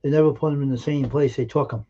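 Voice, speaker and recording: A man telling personal anecdotes on a live stream in an earnest, emphatic way, with halting restarts. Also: mid-range voice, fairly even intonation, mellow, highs cut off. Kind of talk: casual storytelling on a live stream.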